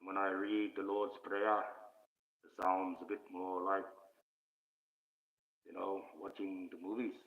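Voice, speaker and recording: A man from Australia on a livestream, talking in an ominous put-on voice instead of his real one and rambling slowly about spiritual ideas. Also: low voice, completely flat delivery. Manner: slow, rambling spiritual musings. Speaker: live streamer. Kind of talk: casual spiritual monologue on a livestream. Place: indoors, speaking under a mask by candlelight. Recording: tinny phone-like audio.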